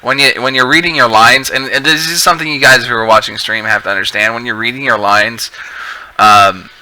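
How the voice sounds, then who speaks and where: Bright-voiced man editing on stream. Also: medium pitch, steady tone, fairly quick, a little hiss or hum, low-quality recording. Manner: rambling, thinking aloud while editing, with frequent restarts. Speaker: video editor streaming his work. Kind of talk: casual live-stream commentary.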